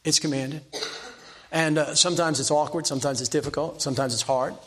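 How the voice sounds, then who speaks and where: Older male preacher, high-voiced, homespun and self-mocking, hammers one point again and again. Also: steady tone, fairly quick, a bit bright. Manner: folksy, self-deprecating preaching with repeated exhortations. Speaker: pastor. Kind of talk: sermon.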